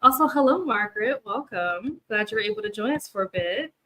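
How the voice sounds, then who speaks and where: Here's a tired young woman running a reading-sprint stream on booktube, chattering to viewers in a rambling, filler-heavy way and laughing a lot. Her mid-range voice is bright and forceful, with lively intonation and a slightly fast pace. Audio quality is poor.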